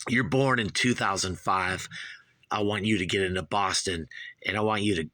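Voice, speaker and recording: A man's voice: low voice, normal speed, bright, forceful tone, no echo. A man in his fifties from Southern California, hosting a rambling, profane, gushing album review. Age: 50s. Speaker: host.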